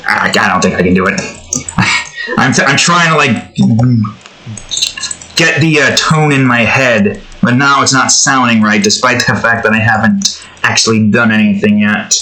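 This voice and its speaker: A man's voice: fairly low pitch, unhurried, sharp tone, rough recording. A man chatting casually while he draws, in a rambling, improvised and self-deprecating way. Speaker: YouTube artist. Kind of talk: casual commentary while drawing.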